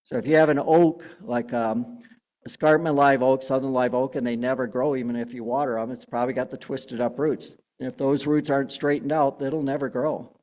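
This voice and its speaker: A man's voice: medium pitch, steady tone, a little fast, a little mellow. A man giving a casual public talk on plants, chatty with many fillers and restarts. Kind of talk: public gardening talk with slides. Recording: long hall reverb.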